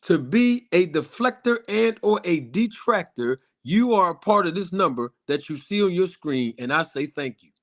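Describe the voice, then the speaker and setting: A man with a slightly higher voice hosts a live stream, talking straight to his viewers. He speaks emphatically and in repeating phrases, stretching out key lines for weight. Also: expressive, moderate pace, hardly any pauses, fairly bright tone. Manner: emphatic and repetitive, addressing viewers directly. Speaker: boxing YouTube channel host.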